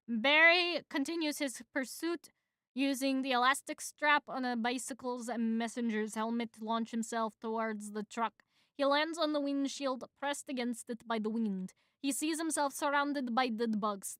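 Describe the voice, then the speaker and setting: Bright-voiced young woman reading a script. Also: on the high side, a little slow, smooth, no room sound, clean studio sound. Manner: casual, rambling, fillers. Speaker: streamer. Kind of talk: casual script read-through.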